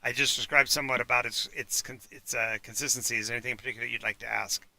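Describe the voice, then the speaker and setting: A man serves as game master for a tabletop game on a live stream, his voice very bright and forward. He is recorded dry and close, with no room sound. He pauses and restarts a lot and fills the gaps with "uh" and "um". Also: medium pitch, steady tone, creaky, dry recording. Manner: halting, with many fillers and restarts. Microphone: home mic for a live stream.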